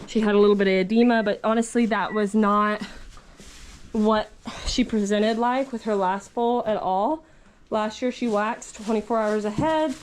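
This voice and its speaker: A woman's voice: medium pitch, steady tone, moderate pace, slight background noise. A woman ranch owner chatting fondly about a newborn foal in a barn stall. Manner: doting, chatty, gushing. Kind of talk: casual vlog narration.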